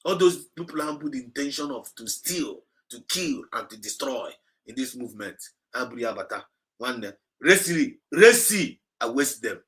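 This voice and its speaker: A man's voice: mid-range voice, normal speed, hardly any pauses. A man with a Nigerian Igbo accent preaching an exhorting livestream message, repeating his points and slipping between English and Igbo. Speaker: movement speaker.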